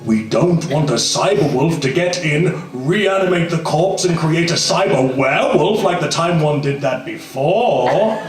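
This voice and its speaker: A man voicing a wise old village elder who gives solemn, measured instructions. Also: on the high side, lively intonation. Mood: solemn warning. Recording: echoey room, far from mic, music.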